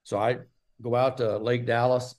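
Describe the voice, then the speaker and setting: A man's voice: mid-range voice, flat delivery, moderate pace, darkish tone. An older man from Texas, a guest in an interview, telling long stories with many fillers. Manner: rambling storyteller with many fillers. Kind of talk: casual storytelling interview.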